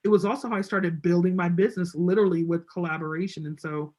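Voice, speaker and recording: A woman's voice: lowish voice, fairly even intonation, fast, a little mellow. A woman as an interview guest, telling a story casually and acting out what people said to her. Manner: chatty, acts out quoted voices. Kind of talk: casual storytelling on a video call.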